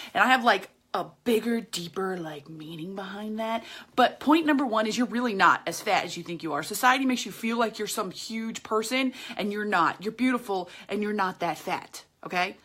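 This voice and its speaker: Speaking directly into the camera to viewers, a podcast host with a medium-pitched, fairly bright voice gives a chatty motivational monologue. Her delivery is emphatic and full of slang.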